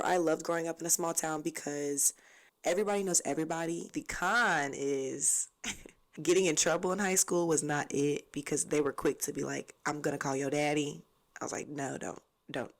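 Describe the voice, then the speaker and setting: A young woman from Southwest Florida hosting her own podcast, chatting casually and playfully with plenty of slang and laughter. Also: low-pitched. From Southwest Florida, USA. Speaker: podcast host. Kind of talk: casual chat.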